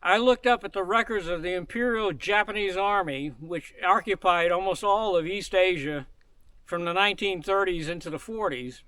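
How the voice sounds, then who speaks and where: A man's voice: high voice, moderate pace, pushed and bright, clear, resonant tone, no echo. Older man telling a dry story outdoors. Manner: dry storytelling, chuckles at his own jokes. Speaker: hiking guide. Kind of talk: casual outdoor chat. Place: outdoors in a forest.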